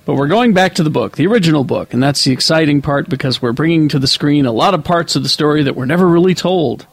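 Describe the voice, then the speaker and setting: A man co-hosting a casual group chat about movies, rambling with halting restarts. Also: a little high, animated, vocal fry, slightly rough.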